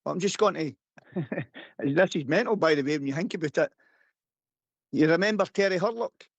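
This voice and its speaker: A man's voice: high voice, fairly quick, no echo, dull audio. A man calling into a live radio phone-in, matey and chatty, calling the others mate and buddy. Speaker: caller.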